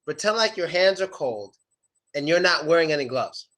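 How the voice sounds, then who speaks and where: Lively high-voiced English teacher. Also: male voice. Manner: animated, playful, repeats words slowly for learners. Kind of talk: live online class, casual teaching.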